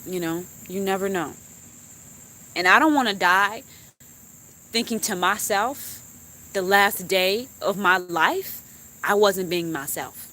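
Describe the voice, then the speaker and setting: A woman's voice: mid-range voice, slow, pauses often. Emotional young woman venting on a live stream. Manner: heartfelt and animated, swearing and laughing. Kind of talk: emotional casual chat.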